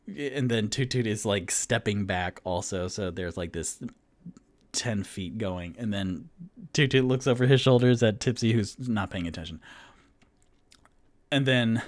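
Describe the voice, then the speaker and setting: A man's voice: on the low side, a little slow. A man narrating a solo tabletop game as game master, casual and rambling, with many fillers.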